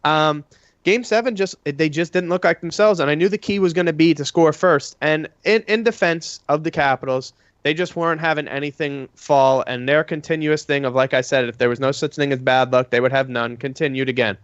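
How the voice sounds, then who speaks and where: A man's voice: on the high side, fairly quick, clear, resonant tone, dry recording, muffled recording. A man co-hosting a casual sports podcast, rambling through his analysis with many fillers. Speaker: podcast co-host.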